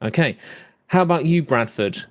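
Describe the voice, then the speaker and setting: A man's voice: fairly high pitch, expressive, moderate pace, no echo, clean studio sound. A man narrating as game master, describing scenes and rules with plenty of ums and "kind of".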